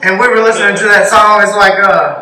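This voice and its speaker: Young comic, high-pitched, loose and rambling, echoey bar, mic far off. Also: male voice, steady tone, a little fast. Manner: loose, rambling, laughing delivery with sudden shouts. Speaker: stand-up comedian. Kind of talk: stand-up comedy set. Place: small bar stage. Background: bar crowd noise.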